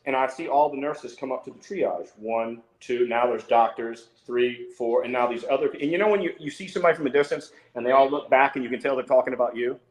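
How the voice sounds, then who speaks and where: A man's voice: a little fast, hardly any pauses. A middle-aged man telling stories on a podcast in a loose, swearing way, acting out what others said. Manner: animated, swears freely, acts out quotes in a higher voice. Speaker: podcast guest. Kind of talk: casual storytelling. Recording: roomy echo.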